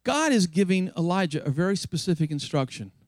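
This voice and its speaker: Man, pastor, sermon, high voice, dry close sound, dramatic storytelling. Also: very animated, fairly quick, dry recording.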